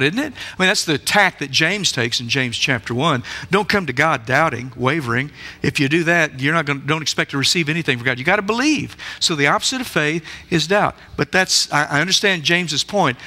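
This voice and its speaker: Male preacher, sermon delivery, emphatic questioner, sharp bright tone. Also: a little high, animated, a little fast. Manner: emphatic, asks the listeners many rhetorical questions. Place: church sanctuary.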